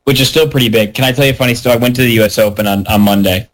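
A man telling a story in a casual podcast chat. He plays up the quoted voices in his anecdote, and his voice sits at a middle pitch. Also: very fast, rough recording.

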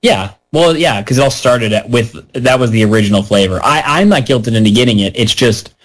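A man telling a story in a casual podcast chat. He plays up the quoted voices in his anecdote, and his voice sits at a middle pitch. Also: a little fast, rough recording.

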